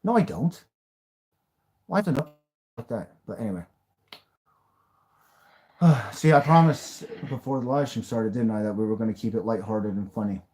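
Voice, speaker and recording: A man's voice: fairly low pitch, moderate pace, pauses often, dark tone. Blunt man hosting a livestream. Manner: blunt, rants and raves, swears. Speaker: livestream host. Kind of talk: live-stream reaction chat.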